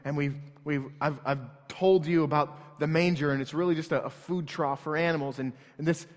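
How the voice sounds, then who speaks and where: A man's voice: fairly high pitch, fairly even intonation, moderate pace. A man in his thirties preaching a sermon in a church, telling a story in an earnest, conversational way. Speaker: pastor. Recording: long hall reverb.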